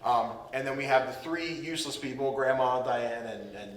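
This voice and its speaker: A man's voice: mid-range voice, moderate pace, roomy sound, recorded from a distance, a little hiss or hum, low-quality recording. A man hosting a casual podcast, animatedly recapping a movie and acting out the characters in silly voices. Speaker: podcast host.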